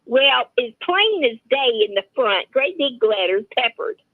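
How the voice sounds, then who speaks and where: A woman's voice: fairly high pitch, expressive, measured pace, dry recording. Chatty older woman on a tinny phone line. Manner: chatty, rambling, acts out dialogue. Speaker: open mic storyteller, regular guest. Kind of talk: casual storytelling.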